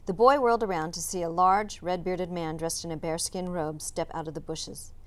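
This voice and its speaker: A woman teacher reading a chapter book aloud, narrating in a calm, measured way. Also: on the low side. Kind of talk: storybook read-aloud narration.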